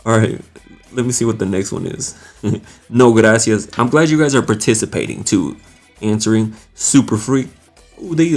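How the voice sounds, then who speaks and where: A young man with a medium-pitched voice hosts a live stream, casually greeting viewers by name. He reads their comments aloud and laughs often.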